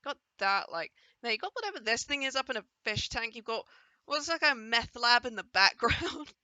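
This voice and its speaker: Woman, casual game commentary, enthusiastic and playful, very bright tone, dry close sound. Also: a little high, expressive, moderate pace, no room sound. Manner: chatty, enthusiastic, playfully voicing the characters. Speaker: gaming video creator reacting to a trailer.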